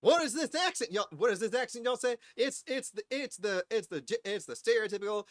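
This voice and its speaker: A man voicing a flirty, folksy male neighborhood reporter in an exaggerated mock southern drawl, with hammy, drawn-out greetings. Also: very high voice, animated, dry recording, clean studio sound, pitched above the performer's own voice. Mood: playful.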